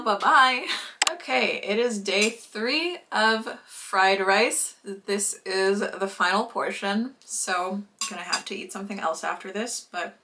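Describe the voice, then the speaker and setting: A woman's voice: mid-range voice, noisy background. A young woman vlogging in a casual, chatty way at her family home, sometimes talking while she eats. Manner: chatty and relaxed, with filler words and small laughs; talks with her mouth full while eating. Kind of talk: casual vlog chat.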